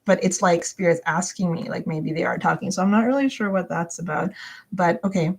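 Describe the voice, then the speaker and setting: A woman's voice: fairly low pitch, brisk, creaky. A woman doing a live tarot reading, talking in a rambling, hesitant way full of fillers and restarts. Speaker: tarot reader.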